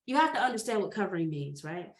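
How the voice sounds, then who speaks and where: A woman guest on a podcast, telling a story in a lively, dramatic way and laughing often. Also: mid-range voice, fast talker. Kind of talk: animated storytelling. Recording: roomy echo.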